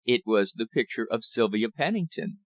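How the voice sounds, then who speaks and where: A man reading an audiobook as narrator in a measured, steady manner. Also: medium pitch, dry recording.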